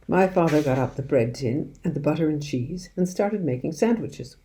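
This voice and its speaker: A woman narrating a children's novel aloud in an expressive storytelling voice. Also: low-pitched, normal speed, few pauses. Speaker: audiobook reader.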